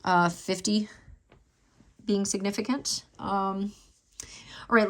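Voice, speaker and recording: A tarot reader speaks slowly with frequent pauses, her mid-range voice steady in tone. The casual reading drifts as she thinks out loud with emotion, quieting to a whisper when she reads to herself.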